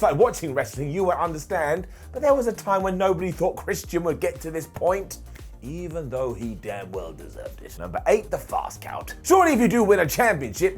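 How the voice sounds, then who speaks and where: A young man narrating a wrestling countdown list in a wry, jokey way, slipping into quick voices for the people he talks about. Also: a little high.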